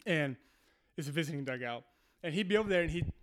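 A man in his thirties from Texas, a baseball pitcher telling stories as a guest in a casual interview, animated and swearing freely. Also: fast talker, slight background noise.

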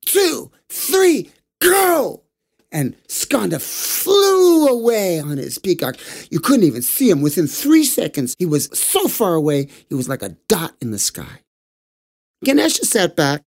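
A man telling a bedtime story for children, gentle and animated, jumping into character voices. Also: high-pitched, measured pace, no room sound.

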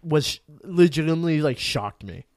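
A young man co-hosting a casual chat, retelling scenes in an animated way with lots of swearing and filler words. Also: a little high, fairly quick, no room sound, studio quality. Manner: animated storytelling, heavy swearing, frequent "like".

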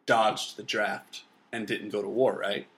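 Bright-voiced profane podcast guy. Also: fairly low pitch, little pitch movement, a little slow, vocal fry. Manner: profane, jokey, loud outbursts. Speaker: podcast co-host. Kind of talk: casual podcast chat.

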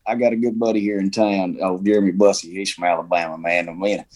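A man from Arkansas with a Southern accent, a country singer guest talking in a relaxed, plainspoken way. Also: low voice, fast. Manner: easygoing, plainspoken. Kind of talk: casual interview.

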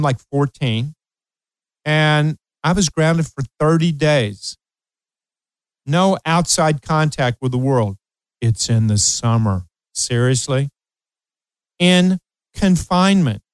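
This man in his late sixties has a slightly high, smooth voice and hosts a radio advice show as a coach. He speaks emphatically to parents, repeats key phrases, and shares a personal anecdote. The audio is dry with no echo but low in quality.

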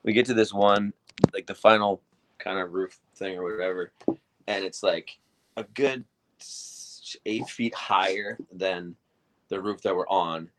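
Thirties male guest, low-pitched, animated profane storyteller. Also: unhurried, slight background noise. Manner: swearing, animated retelling with acted-out quotes. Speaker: guest telling stories. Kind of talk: casual storytelling.

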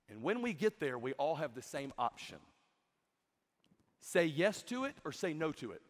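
A young adult man giving a comedic youth sermon, telling stories in an animated way and mimicking the people in them. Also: a little high. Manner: animated storytelling with mimicked voices. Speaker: youth camp speaker. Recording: long hall reverb.

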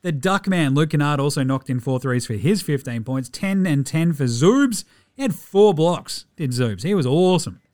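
A man's voice: a little high, expressive, moderate pace, a little mellow, no echo, clean studio sound. A man hosting a casual basketball recap podcast, rattling off stats and swearing freely. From Australia. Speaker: podcast host.

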